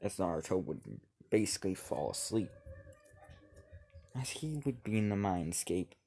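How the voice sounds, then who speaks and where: Slow, husky man narrating haltingly. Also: low voice, lively intonation, mellow. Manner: halting, many restarts and repeated "as he would". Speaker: fan storyteller. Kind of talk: improvised fan-fiction narration.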